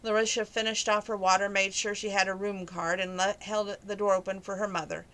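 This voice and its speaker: A woman's voice: medium pitch, level tone, fairly quick, hardly any pauses, fairly bright tone. Woman casually reading a novel aloud. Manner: conversational, with small stumbles. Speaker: reader.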